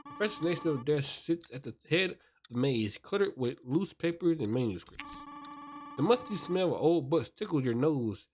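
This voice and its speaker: A man serving as game master, narrating a tabletop role-playing scene in a descriptive, unhurried way, sometimes stumbling over words. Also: fairly high pitch, expressive, a little mellow, a little hiss or hum. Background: music.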